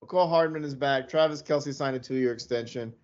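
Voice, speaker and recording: A mid-pitched man co-hosts a sports podcast, rattling through roster moves in a blunt, profane way. The sound is muffled and somewhat lo-fi. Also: fairly quick, darkish tone. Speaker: podcast co-host. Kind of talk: casual sports podcast chat.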